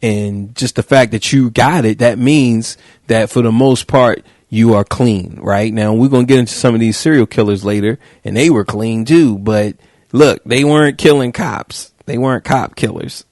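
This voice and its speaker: A man hosting a podcast, riffing in a joking, slangy, animated way. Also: mid-range voice, moderate pace, dry recording, clean studio sound. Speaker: podcast host. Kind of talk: casual podcast chat.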